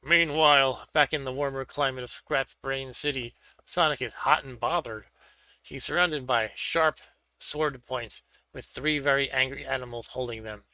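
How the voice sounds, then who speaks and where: Gravelly man reading a gamebook aloud. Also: medium pitch, fairly even intonation, normal speed, pushed and bright, dry recording. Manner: offhand, joking. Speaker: stream host reading a gamebook. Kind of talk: casual chat and read-aloud narration.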